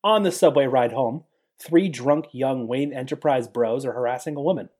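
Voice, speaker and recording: A man hosting a podcast, casually recapping a film's plot with quick jokes. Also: mid-range voice, a little mellow, breathy edge. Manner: joking, quick plot summaries. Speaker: podcast host recapping a film. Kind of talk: casual chat.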